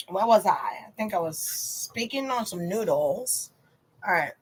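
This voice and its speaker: A woman's voice: mid-range voice, lively intonation, a little slow, slight background noise. A woman chatting casually to her viewers on a livestream tarot reading, slangy and direct.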